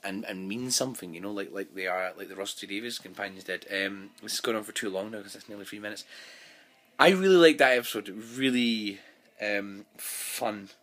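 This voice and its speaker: A man's voice: lowish voice, fairly quick, fairly bright tone. A man giving a casual, rambling vlog review of a TV episode, recorded on his phone, full of fillers and restarts.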